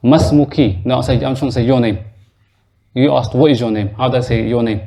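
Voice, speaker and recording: A man's voice: mid-range voice, brisk, warm tone, a little hiss or hum. Man teaching a patient grammar class. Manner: patient, explains step by step and quizzes students. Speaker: Arabic teacher. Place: mosque classroom.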